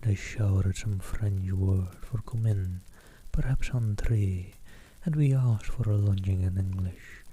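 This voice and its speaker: A man reading a travel book aloud in a soft ASMR whisper, stopping for self-deprecating asides. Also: on the low side, slightly rough. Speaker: ASMR streamer.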